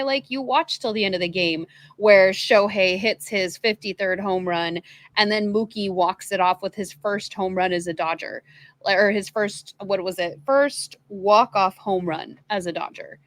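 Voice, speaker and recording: Woman, podcast co-host, calm and chatty, mid-pitched voice. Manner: even-keeled, calm, chatty. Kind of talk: casual sports chat.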